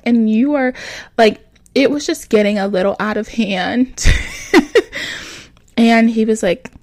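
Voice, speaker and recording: A woman's voice: a little high, no echo, clean studio sound. A young woman hosting a podcast, telling a story in a chatty, exasperated way and laughing often. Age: young adult. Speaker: podcast host. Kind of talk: casual storytelling monologue.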